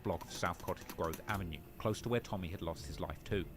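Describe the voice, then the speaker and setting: Fast, low-voiced British male narrator. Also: noisy background. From United Kingdom. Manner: steady, factual storytelling. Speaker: documentary narrator. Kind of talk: scripted narration.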